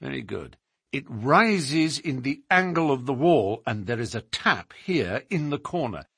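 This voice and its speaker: A man reading as a shrewd, lively detective. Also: mid-range voice, creaky, breathy edge, dry recording, studio quality, exaggerated voice. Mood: explaining. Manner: measured, precise, lively emphasis. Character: shrewd male detective recounting a case. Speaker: audiobook reader. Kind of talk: dramatized first-person story reading.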